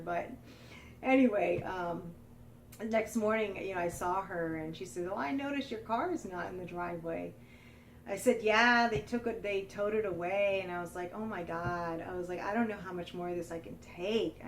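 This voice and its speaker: A woman's voice: mid-range voice, distant mic, rough recording. Woman vlogging, candid storytime, does little voices for people, faint hiss behind. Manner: candid, animated, mimics others in quotes. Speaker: lifestyle vlogger. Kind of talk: casual storytelling monologue.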